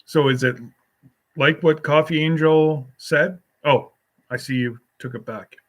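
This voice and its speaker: A man's voice: fairly high pitch, steady tone, measured pace, fairly bright tone. A man hosting a casual solo live stream, rambling as he reads and answers viewer comments with a folksy, teasing manner.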